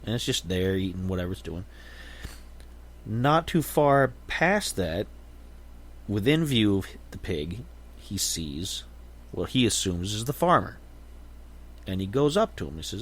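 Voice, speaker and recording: A man's voice: fairly low pitch, big pitch swings, measured pace, pauses often. A man hosting a podcast, telling a story and reflecting in a casual, meandering way with frequent restarts. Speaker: podcast host.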